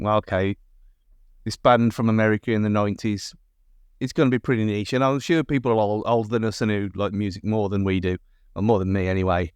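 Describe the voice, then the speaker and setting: A man's voice: fairly low pitch, no room sound, studio quality. A man from England co-hosting a podcast, talking in a rambling way with frequent restarts, in casual chat. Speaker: podcast co-host.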